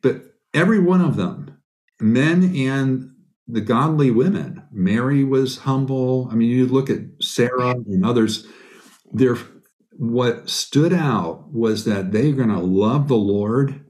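A man's voice: mid-range voice, slow. A middle-aged man, a biblical counselor, answering interview questions in an earnest, storytelling way. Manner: earnest, animated storytelling with quoted asides. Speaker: guest, biblical counselor and author.

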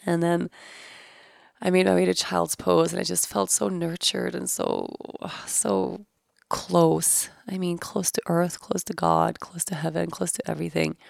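A woman's voice: fairly low pitch, level tone, unhurried, gravelly, darkish tone, no echo, studio quality. A woman in her thirties, hosting a podcast, candidly and searchingly recounting a personal experience and swearing casually. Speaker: podcast host. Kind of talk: reflective personal storytelling.

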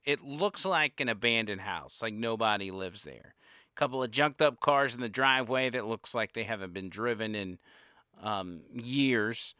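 A man telling a casual anecdote in an animated way, his pitch and loudness rising and falling as he goes. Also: clean tone, no room sound, studio quality. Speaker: storyteller.

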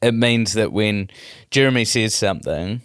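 A middle-aged New Zealand man with a fairly low voice tells stories in a loose, animated flow, restarting his sentences as he goes. The sound is dry and close, with no room around it. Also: normal speed, no room sound. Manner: rambling, animated storytelling with many restarts. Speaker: comedian, guest. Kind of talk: casual interview chat.

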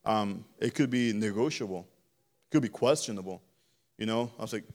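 A man preaching a sermon in a conversational way, often repeating words and restarting, then swelling louder on key phrases. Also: on the low side, brisk.

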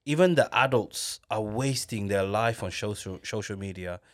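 A man hosting a podcast, telling stories in casual slangy chat with quick laughs. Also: lowish voice. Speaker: podcast host.

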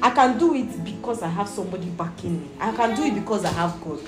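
A woman's voice: medium pitch, animated, fast. Earnest Nigerian woman teaching a Bible lesson. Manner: earnest, repeatedly asking "Do you understand?". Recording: roomy echo with music behind.

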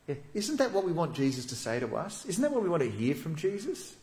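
Lively man preaching in an echoey hall. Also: fairly high pitch, a little fast, hardly any pauses, a little hiss or hum. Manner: lively storytelling preacher who drops to soft, hushed tones. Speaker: pastor. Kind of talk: sermon.

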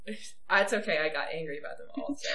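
A woman hosting a podcast in casual chat, enthusiastic and quick to laugh. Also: deep voice, a bit bright, roomy sound, slight background noise. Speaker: podcast host.

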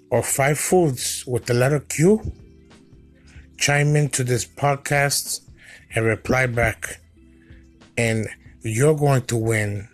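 A man hosting a comedy podcast, talking in a crude, swaggering monologue full of profanity. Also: medium pitch. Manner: profane, swaggering, drawn-out delivery. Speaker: podcast host.

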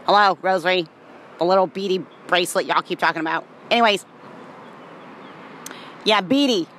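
A woman's voice: fairly low pitch, moderate pace, fairly bright tone, slight background noise. Giddy playful woman vlogger. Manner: giddy, playful, puts on voices. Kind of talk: comedic skit vlog.

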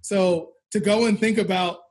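A man's voice: high-pitched, steady tone, moderate pace, a little mellow. A man in his thirties, a podcast co-host and business owner, talking candidly and reflectively in a casual chat. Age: 30s.

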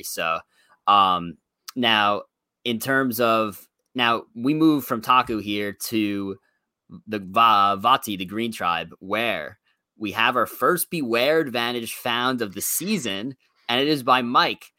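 Guy chatting through a show recap, bright voice, lots of you know and um, dry sound. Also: medium pitch, no room sound. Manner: rambling, fills every pause with "you know". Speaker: podcast co-host. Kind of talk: casual recap chat.

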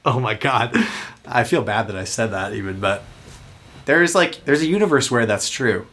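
A man with a Southern American accent, co-hosting a casual podcast chat, animated, laughing often and swearing freely. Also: medium pitch, moderate pace. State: high. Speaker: podcast co-host.

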